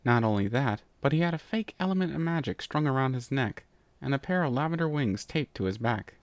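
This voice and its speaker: A male reader narrates a rhyming story with a steady storytelling rhythm. His voice sits at a middle pitch. The sound is dry and close. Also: fairly quick, dry recording. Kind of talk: scripted narration.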